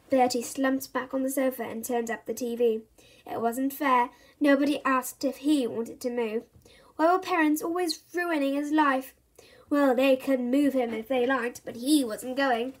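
A woman reading a children's book aloud in a lively, expressive way. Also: sits high, measured pace. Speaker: story reader.

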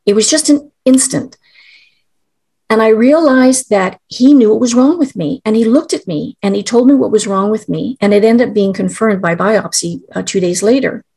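A woman's voice: on the high side, normal speed, dark tone, breathy edge. A middle-aged woman, a guest, telling a personal story in an earnest, emotional way, with restarts.

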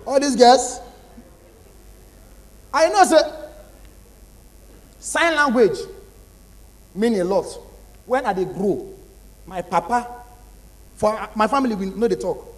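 A young Nigerian man performing animated stand-up comedy in pidgin. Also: high voice, a little slow, pauses often. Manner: animated, acts out characters. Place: large hall, live audience. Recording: live hall reverb, faint noise.

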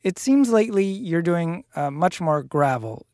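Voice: mid-range voice, expressive, measured pace, darkish tone, dry recording. Podcast host with a dry, close sound. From Canada. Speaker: podcast interviewer. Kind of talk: podcast interview.

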